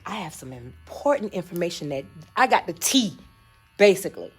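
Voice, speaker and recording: A young woman hosting a casual live chat, animated and laughing, acting out quotes in shifting voices. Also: fairly low pitch, moderate pace, slightly rough, soft background music. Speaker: host.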